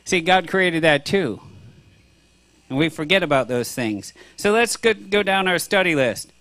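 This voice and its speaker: A man's voice: a little high, expressive, measured pace, fairly bright tone, no room sound. A man preaching a sermon to a congregation, earnest and conversational, with frequent restarts. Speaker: pastor.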